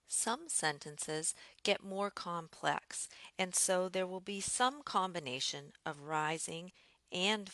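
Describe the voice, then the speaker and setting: A woman teaching English intonation in a slow, clear, deliberate lesson narration. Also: fairly low pitch, pushed and bright, no room sound, studio quality.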